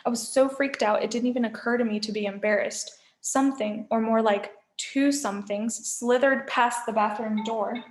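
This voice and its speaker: A woman, a teacher, reading a novel aloud with expressive storytelling. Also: fairly high pitch, normal speed, hardly any pauses. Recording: echoey room.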